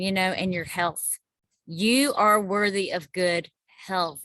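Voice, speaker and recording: A woman's voice: medium pitch, sharp tone, no echo. A woman hosting a group video call, upbeat and encouraging. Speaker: host of a wellness group call.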